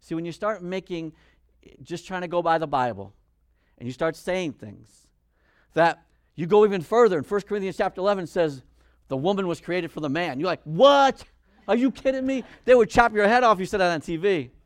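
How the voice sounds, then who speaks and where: A male preacher giving a sermon, animated, acting out Bible figures in quick voices. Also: sits high, dry recording, studio quality.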